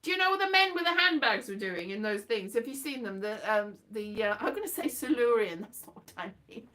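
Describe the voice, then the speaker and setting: A woman's voice: fairly high pitch, lively intonation, brisk, bright, forceful tone. A woman chatting casually in a rambling, jokey way, often laughing and restarting her sentences. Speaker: host. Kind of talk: casual chat.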